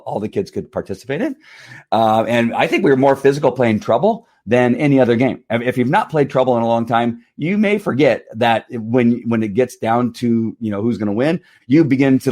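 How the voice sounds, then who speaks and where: A middle-aged man hosting a casual livestream, slightly hoarse from a strained voice, rambling with repeated words and frequent laughs. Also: mid-range voice, a little mellow. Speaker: livestream host.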